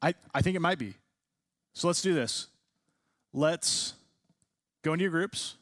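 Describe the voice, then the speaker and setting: A man's voice: fairly high pitch, a little slow, fairly bright tone, dry recording, studio quality. A man teaching a class, leading a discussion and asking students many questions. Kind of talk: classroom lecture.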